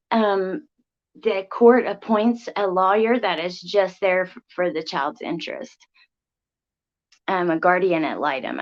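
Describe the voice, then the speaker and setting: A young woman hosting a casual livestream, rambling through viewer comments with lots of ums and likes. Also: medium pitch. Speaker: livestream host. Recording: slightly dull lo-fi audio.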